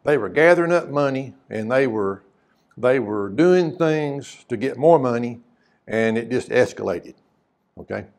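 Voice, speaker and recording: A man's voice: mid-range voice, expressive, a little slow, darkish tone. A man preaching a sermon, mixing scripture reading with folksy, conversational questions to the congregation. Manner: reads scripture aloud in old-fashioned wording.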